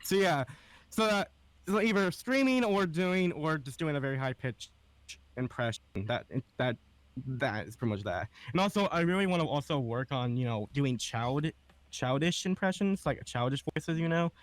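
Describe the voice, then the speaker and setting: A man with a youthful, medium-high voice, hosting a casual podcast chat and talking hesitantly with many fillers. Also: animated, moderate pace, dry recording. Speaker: podcast host.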